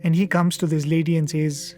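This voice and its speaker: A man speaking at a satsang, telling a devotional story in an earnest, reflective way with pauses and fillers, recorded in a studio. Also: fairly high pitch, level tone, warm tone, soft background music. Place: media centre studio.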